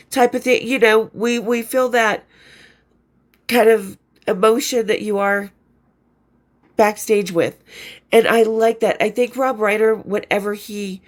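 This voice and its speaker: A woman hosting a podcast, chatting casually and enthusiastically about a film sequel, rambling and swearing now and then, a bit stuffy from allergies. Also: medium pitch. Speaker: podcast host. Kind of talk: casual film review chat.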